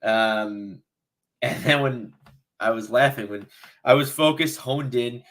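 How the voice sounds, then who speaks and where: A young man co-hosting a fan podcast, retelling a match in a rambling, animated way. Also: medium pitch, slow pace. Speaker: podcast co-host. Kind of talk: casual chat.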